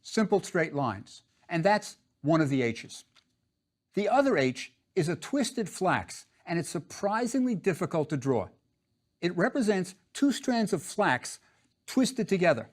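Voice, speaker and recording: A man's voice: high-pitched, sing-song, a little slow. A man teaching a drawing lesson, patient and step by step, repeating each instruction.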